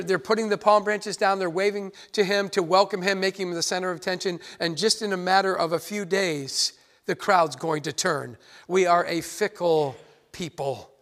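A man's voice: sits high, fairly bright tone. A man preaching a sermon as pastor, earnest and emphatic, repeating key phrases for his congregation.

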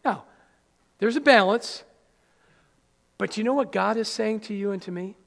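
Male pastor, sermon, gravelly voice, animated, echo of a church hall. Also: high-pitched, normal speed, pauses often. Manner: animated, acts out little scenes. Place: church sanctuary.

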